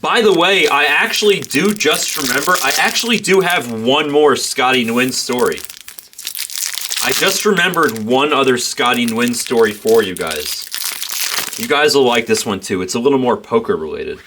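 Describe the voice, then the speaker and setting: A man's voice: mid-range voice, animated, normal speed, noisy background. A man hosting a card break, telling stories in a rambling way and repeating himself. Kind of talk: casual storytelling during a live break. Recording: crinkling and tearing card packs.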